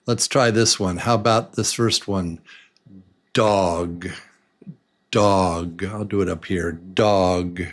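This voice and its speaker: A man teaching English to beginners, saying words slowly and breaking them into beats in an encouraging, patient way. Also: on the low side, a bit bright. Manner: slow, drawn-out words broken into beats. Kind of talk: slow beginner lesson.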